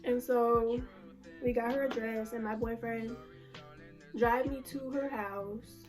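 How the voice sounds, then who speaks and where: A woman's voice: on the high side, fairly even intonation, takes it slowly, darkish tone, soft background music. A young woman vlogger telling a personal story in a casual, emotional, slangy way with lots of fillers. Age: young adult.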